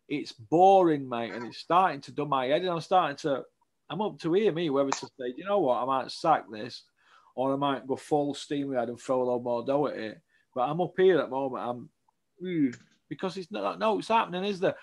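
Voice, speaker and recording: Blunt man, higher voice. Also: expressive, normal speed. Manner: blunt and outspoken, full of tag questions. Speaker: boxing pundit. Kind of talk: casual opinionated interview.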